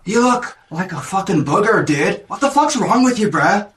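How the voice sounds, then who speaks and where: A man's voice: high-pitched, animated, moderate pace, a bit bright, far from the mic, slight background noise, pitched above the performer's own voice. A man doing a sneering jock bully. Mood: taunting. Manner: sneering, crude, taunting. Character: crude young male jock bully, gang leader.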